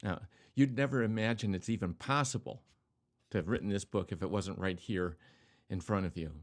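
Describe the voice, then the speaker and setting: A man's voice: lowish voice, fairly quick. An older man, a pastor hosting a talk show, speaking straight to the viewer and repeating key words for emphasis in a storytelling way. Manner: storytelling, addresses the viewer directly. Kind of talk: video talk show monologue.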